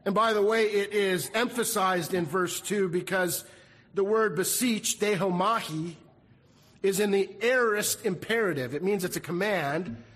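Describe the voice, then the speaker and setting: A man's voice: sits high, fairly bright tone. Man preaching in a reverberant hall. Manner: earnest preaching, repeats key phrases. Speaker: pastor. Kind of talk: sermon. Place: church sanctuary.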